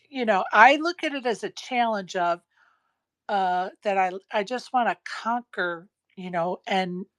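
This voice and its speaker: A middle-aged woman chats casually as a host, her speech loose and full of "you know"s. She has the hiccups. Her pitch sits in an ordinary middle range. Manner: chatty, many fillers. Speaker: podcast host. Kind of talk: casual chat.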